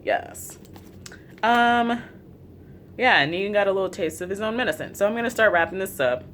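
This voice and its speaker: Casual recap vlogger, chatty and profane, mid-pitched voice. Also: lively intonation, normal speed, a bit bright, slight background noise.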